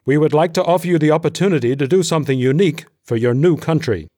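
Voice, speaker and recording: Man playing a stiff formal officer, crisp, raised and a bit higher. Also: fast talker, warm tone, dry recording, studio quality, lightly acted. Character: formal male intelligence officer, tall, German-born.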